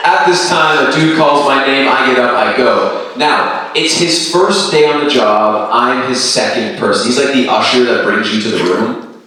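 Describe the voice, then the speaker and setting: A man's voice: medium pitch, normal speed, slight background noise. A man in his thirties from Canada doing a stand-up set, telling stories and acting out voices. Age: 30s. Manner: animated storytelling with quoted voices. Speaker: stand-up comedian. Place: comedy venue with live audience. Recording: roomy distant stage sound.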